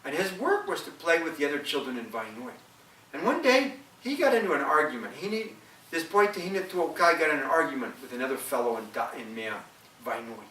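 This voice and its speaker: A man's voice: fairly high pitch, very animated, a little fast, pushed and bright, a little hiss or hum. A man telling a traditional legend aloud, repeating phrases and stopping to explain old customs. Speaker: storyteller. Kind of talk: oral storytelling of a legend. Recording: roomy, from a distance.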